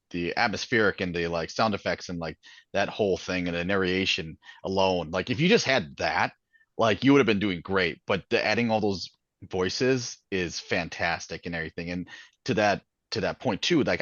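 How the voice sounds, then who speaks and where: A man's voice: sits low, fairly bright tone, no echo, muffled recording. A man, an author who narrates his own audiobooks, chatting casually in an interview and rambling with lots of filler words.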